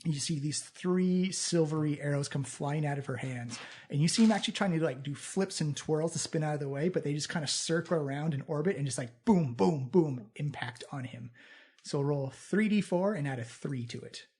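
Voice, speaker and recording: Playful breathy game master. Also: medium pitch, moderate pace, darkish tone. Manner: vivid, playful narration with sound effects. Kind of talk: narrating a tabletop game.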